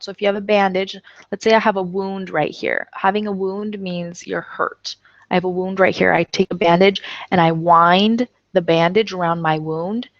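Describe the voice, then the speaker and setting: Tired chatty woman teaching english, slows way down on examples, flat dry lo-fi audio. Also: fairly low pitch, no room sound. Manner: chatty, laughs often, slow careful example sentences. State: tired, numb jaw from anesthesia. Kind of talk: casual online English lesson.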